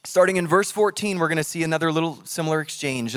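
A man preaching a sermon in a church, animated and jokey, acting out voices from scripture. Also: on the high side, fast talker, few pauses. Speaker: pastor. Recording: long hall reverb.

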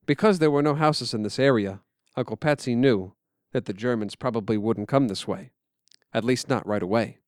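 A man telling a story in quiet, measured, scripted narration. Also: mid-range voice, dry recording, clean studio sound.

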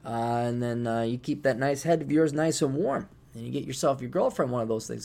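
A man hosting a podcast alone, rambling in a sarcastic, casual monologue with sudden loud bursts, tired and just waking up. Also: mid-range voice, animated, a little fast, creaky, hardly any pauses. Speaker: podcast host.

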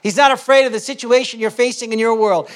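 Male pastor, passionate sermon delivery with big dynamic swings, very high voice. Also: fairly even intonation, fast talker, smooth. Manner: passionate preaching, swings from loud to soft.

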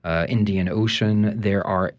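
A man with a very low voice talks through word origins. He explains patiently, pausing on fillers and restarting his sentences as he thinks. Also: fairly even intonation, dull audio. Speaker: guest, French language expert. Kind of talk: conversational explanation.

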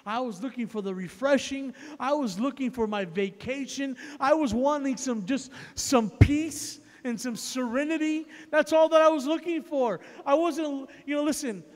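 A male evangelist preaching a sermon as a story, emphatic and repetitive, building up to loud peaks. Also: extremely high pitch, in a large hall.

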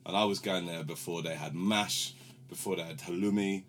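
A man's voice: low-pitched, fairly even intonation, normal speed, a bit bright, slight background noise. A young man from London hosting a podcast, telling rambling stories in casual chat and swearing freely. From London, England. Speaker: podcast host. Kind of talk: casual banter.

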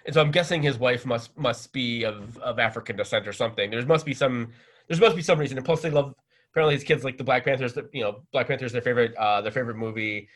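Guy hosting a soccer podcast, rambly, ums and uhs everywhere, mid-pitched. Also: quick pace, a bit bright. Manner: rambling, with many fillers. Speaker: podcast host. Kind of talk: casual chat.

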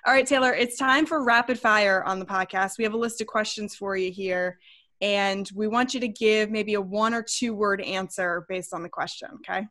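A woman's voice: mid-range voice, moderate pace, sharp tone. A woman hosting a podcast, asking questions in an upbeat, chatty way. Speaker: podcast host. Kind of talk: casual interview.

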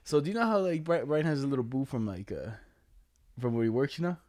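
A man's voice: mid-range voice, very animated, fast, darkish tone. A young man casually telling a rambling, slangy story to a friend, laughing along and quoting others in put-on voices.

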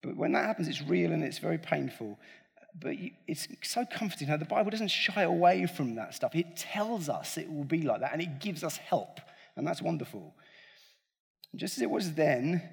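A man's voice: a little high, vocal fry, slightly rough, in a large hall. A man preaching a sermon in a conversational, joking way, talking straight to the congregation.

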